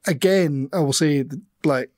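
A man's voice: on the high side, normal speed, a little mellow. A man co-hosting a casual horror film podcast, rambling and swearing as he chats. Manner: rambling, swears, laughs often. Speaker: podcast co-host. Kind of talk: casual film review chat.

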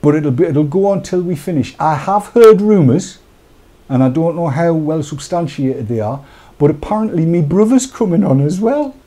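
A man's voice: a little high, normal speed. A man co-hosting a live-streamed talk show, chatty and joking with asides. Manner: jokey, chatty, animated asides. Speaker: co-host of a vaping talk show. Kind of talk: casual live-stream chat.

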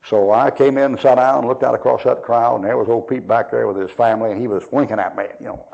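A man's voice: medium pitch, fairly even intonation, fast talker, gravelly, a little mellow, highs cut off. A man preaching a sermon as a folksy storyteller who chuckles and acts out his dialogue.

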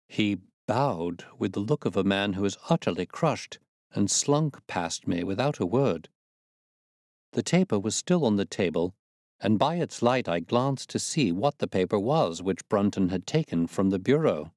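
A man reading a classic detective story aloud as a storyteller, measured and expressive. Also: on the low side, no echo, studio quality.

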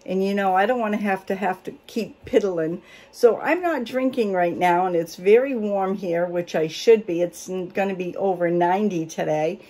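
A woman's voice: mid-range voice, normal speed, hardly any pauses, darkish tone. An older woman, chatting casually and reading a cookbook aloud with folksy asides. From Maine. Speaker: homestead vlogger.

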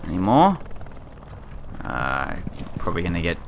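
A man's voice: sits low, huge pitch swings, unhurried, creaky, a little hiss or hum. A man casually commenting on his own gameplay, muttering reactions and exclamations. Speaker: gamer. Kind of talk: casual let's play commentary. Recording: game audio with gunfire. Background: game gunfire.

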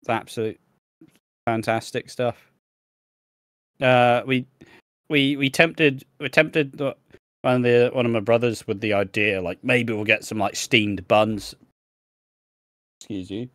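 A man's voice: mid-range voice, fairly even intonation, a little slow, pauses often, fairly bright tone, no echo, clean studio sound. Rambling, swearing young man. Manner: rambling and profane, laughing often, losing his thread. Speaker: podcast co-host. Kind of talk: casual chat.

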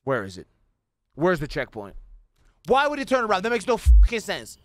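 Excitable, profane young gaming streamer guy. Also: high-pitched, moderate pace, no echo, soft background music. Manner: profane, excitable, swings from muttering to yelling. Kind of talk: live gameplay commentary.

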